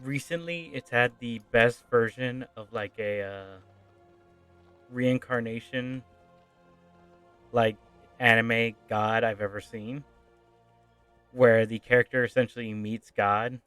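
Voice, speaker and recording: A man's voice: mid-range voice, slow, long pauses, clear, resonant tone, soft background music. A man streaming a game, chatting casually and retelling a story while acting out the characters' lines. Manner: animated storyteller acting out dialogue. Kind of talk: casual gaming chat.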